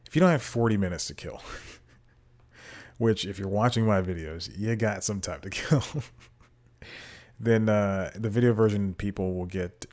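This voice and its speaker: Speaking at a measured pace and pausing often, a podcast host with a low, slightly mellow voice delivers a casual monologue on his own. He sits at a desk microphone at home with a TV on behind him, rambling, self-deprecating, and laughing between thoughts.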